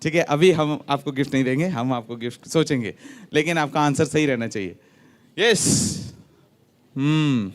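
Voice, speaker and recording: A man's voice: a little high, rapid-fire. A man hosting a ceremony, playful and teasing as he quizzes teachers with tongue twisters. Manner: playful, switches between English and Hindi. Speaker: event host. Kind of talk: lively emcee hosting a quiz game. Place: large hall at a ceremony.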